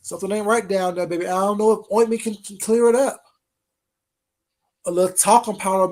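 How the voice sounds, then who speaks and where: A vlogger in a mid-pitched voice, neither high nor low, running a confrontational call-out rant. The delivery is taunting and sarcastic. Pet names are drawn out, and pointed rhetorical questions come one after another. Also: fairly even intonation, brisk, darkish tone.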